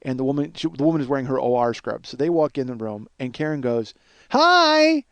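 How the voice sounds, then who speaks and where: A man hosting a comedy podcast, telling a rambling story in an animated way, swearing and laughing often. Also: mid-range voice, fast talker, creaky, no echo. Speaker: podcast host.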